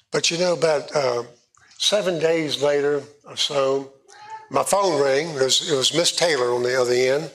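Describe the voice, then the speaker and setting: A man with a drawl preaches from personal testimony. His voice sits a little high for a man, and he talks haltingly, restarting phrases and doubling words as he goes. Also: creaky, fairly bright tone, breathy edge. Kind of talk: sermon testimony.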